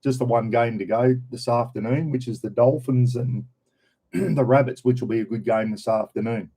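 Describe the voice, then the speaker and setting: A man's voice: mid-range voice, fairly even intonation, normal speed, mellow, breathy edge. A man with a North Queensland Australian accent, chatting casually and rambling to viewers on a live stream from home, full of broad slang. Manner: laid-back, rambling, broad colloquial slang. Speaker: vlogger. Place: home, indoors.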